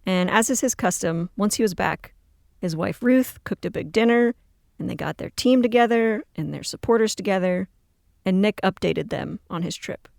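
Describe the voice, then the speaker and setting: Podcast host, scripted narration, calm and reflective, speaks to listeners, light fry in the voice. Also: medium pitch, moderate pace, no echo, clean studio sound.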